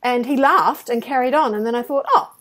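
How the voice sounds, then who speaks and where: A woman's voice: on the high side, brisk. A woman co-hosting a podcast, telling personal anecdotes in casual conversation and acting out quotes. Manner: animated anecdotes with acted-out quotes and self-deprecating laughs. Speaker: podcast co-host.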